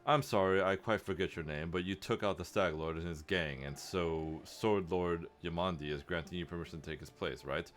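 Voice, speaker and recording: Male reader voicing a smug nobleman baron, slow condescending drawl, deep voice. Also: a bit bright.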